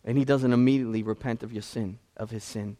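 A man's voice: mid-range voice, steady tone, quick pace, mellow. A man, a pastor, preaching a conversational sermon that swings from casual asides to impassioned climaxes.

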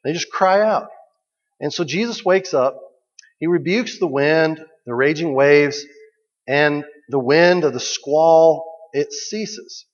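Pastor guy, chatty sermon, lots of questions, slightly high voice, echoey hall. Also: takes it slowly. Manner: conversational, rhetorical questions, repeats key phrases. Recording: dull recording with long hall reverb.

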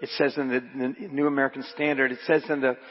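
Pastor preaching in an echoey hall. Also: male voice, mid-range voice, flat delivery, quick pace, dull audio. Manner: reads scripture and quotes aloud, repeats phrases for emphasis; asks the congregation to repeat lines. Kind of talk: sermon. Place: church.

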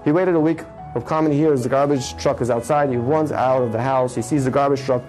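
A man telling an inspirational religious story with emphatic delivery, slowing to draw out key phrases. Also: mid-range voice, steady tone, darkish tone, soft background music, rough recording.

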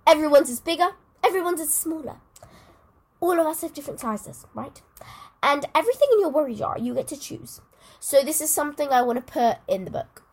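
A woman's voice: high-pitched, expressive, fairly quick, a little hiss or hum. A teenage girl co-hosting a podcast, chatting in a rambling, giggly way. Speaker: podcast co-host. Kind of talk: casual chat.

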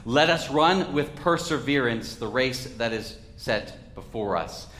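A male pastor preaching a sermon in a church, with a measured, reflective delivery and dramatic pauses. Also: mid-range voice, expressive, fairly bright tone, echoey room.

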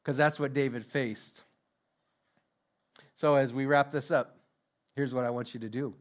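A man's voice: medium pitch, fairly even intonation, a little slow. A man preaching a sermon as pastor, emphatic, repeating his questions and joking about himself. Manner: self-deprecating humor.

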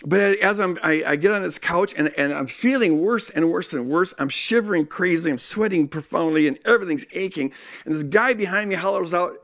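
A man telling a personal story in a sermon, animated and acting out what people said. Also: high-pitched, brisk. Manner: animated storytelling with acted-out quotes. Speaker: speaker.

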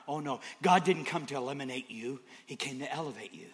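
A man preaching a sermon, swinging from hushed whispers to shouts with repetitive, emphatic phrasing. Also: mid-range voice, a little fast.

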